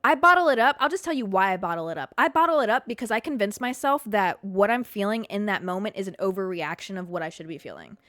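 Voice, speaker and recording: Young woman podcast host, casual and blunt, laughs a lot, squeaks up high when shocked, dry close sound. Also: quick pace, hardly any pauses, no echo. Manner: candid, swears freely, laughs often; animated, jumps to high pitch when reacting. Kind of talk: casual solo podcast chat.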